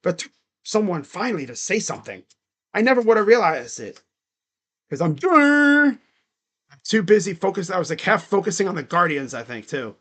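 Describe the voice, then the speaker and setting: A man's voice: sits high, sing-song, fast, a bit bright. A young man giving casual live play-by-play, rambling and slangy between calls. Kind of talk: casual live reaction commentary.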